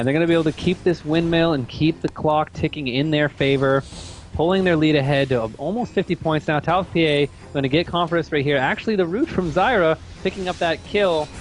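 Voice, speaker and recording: A man giving steady play-by-play commentary on a competitive video game match. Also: a little high, slight background noise. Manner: rapid, steady play-by-play calling. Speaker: esports commentator.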